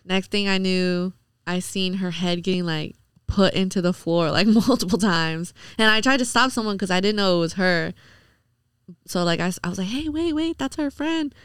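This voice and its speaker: A young woman guesting on a podcast casually recounts a night out, chatting away, acting out quoted lines and sprinkling in lots of "like." Her fairly low voice is clear and resonant with a steady tone and moderate pace, captured in clean studio sound with no echo.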